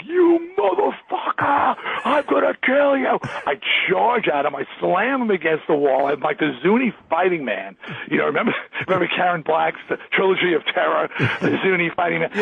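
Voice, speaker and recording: A man's voice: a little high, vocal fry, breathy edge, no room sound. A man in his sixties from Long Island, New York, telling a story in an interview, acting out other people's lines and laughing often. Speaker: guest, rock musician. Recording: dry, tinny phone line.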